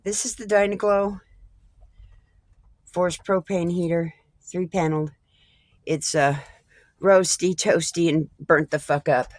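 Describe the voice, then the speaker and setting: A woman's voice: fairly low pitch, fairly even intonation, slow pace, pauses often, dry recording. A woman vlogging casually from inside a small RV, talking frankly into her camera, swearing freely and often restarting her sentences. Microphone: phone or camera with a wide-angle lens.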